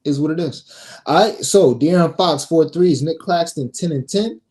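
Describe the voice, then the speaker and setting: A man's voice: fairly high pitch, moderate pace, darkish tone. A man hosting a sports betting show, reading picks in a brash, profane, casual way and scolding his viewers.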